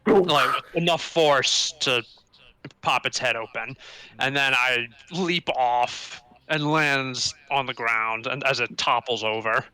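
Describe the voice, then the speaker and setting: A man's voice: medium pitch, slow, bright, forceful tone, smooth, dry recording. A man playing a tabletop game who hesitantly describes his character's moves, often searching for words. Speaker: player.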